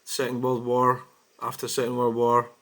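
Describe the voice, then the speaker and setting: A man's voice: mid-range voice, monotone, moderate pace, a bit bright. Blunt Scottish man vlogging. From Scotland. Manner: blunt, exasperated, swears freely. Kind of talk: casual commentary reading out comments.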